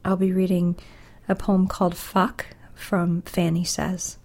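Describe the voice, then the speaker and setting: A woman poet talking about her work and reading her own poem in a slow, deliberate, soft voice with whispery passages. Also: lowish voice, level tone.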